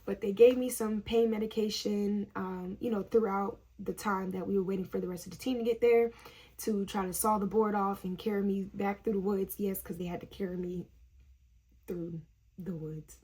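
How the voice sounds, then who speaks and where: A woman's voice: medium pitch, steady tone, moderate pace, dark tone, slightly rough. A young woman, a nursing student, telling a story in casual vlog chat, chatty and laughing often.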